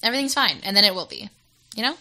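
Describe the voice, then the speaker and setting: A woman's voice: mid-range voice, expressive, rapid-fire, bright, forceful tone. A woman co-hosting a radio show, bantering playfully, laughing often and echoing her partner's words. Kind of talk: casual on-air banter.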